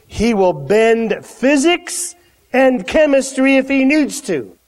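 A male pastor preaching in a high, very lively voice, swinging from hushed asides to loud exclamations. The sermon feels casual and conversational, and the long reverb of a big hall trails behind each phrase. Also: takes it slowly. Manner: animated, conversational, dramatic swings in volume. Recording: echoey hall.

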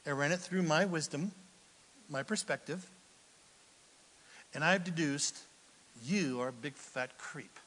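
A man preaching a lively, joking sermon and shouting now and then for emphasis. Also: fairly high pitch, measured pace, pauses often, big-room sound. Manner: animated, jokey, with shouted emphasis. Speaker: pastor.

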